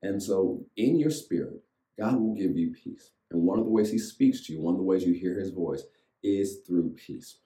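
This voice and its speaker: A man's voice: sits low, normal speed, mellow, echoey room, low-quality recording. A man pastor preaching a sermon to an online audience, leading them in reciting lines with rhythmic repetition. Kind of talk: sermon with call-and-response.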